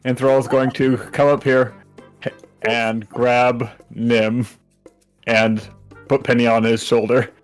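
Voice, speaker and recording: A male player in a tabletop game who lays out his moves with frequent laughs and stumbling restarts. His voice sits at a middle pitch. Music plays faintly behind him. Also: level tone, takes it slowly. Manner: giggly, with stammering restarts.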